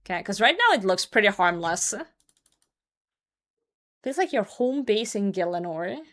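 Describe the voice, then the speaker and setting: A woman's voice: medium pitch, sing-song, unhurried, a bit bright. A woman streamer chatting casually and reading a story aloud, breaking in with blunt, profane commentary and frequent laughter. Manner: blunt, swears often, laughs through her reading.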